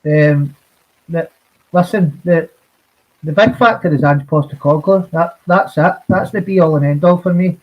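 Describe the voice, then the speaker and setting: A man guesting on a football podcast, talking in a halting way with lots of repeated words and swearing. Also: a little high. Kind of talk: casual football podcast chat. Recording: dull lo-fi audio.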